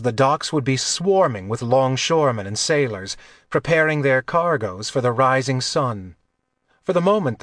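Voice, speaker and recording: A man narrating an audiobook with a measured, even delivery on a close mic. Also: medium pitch, no room sound.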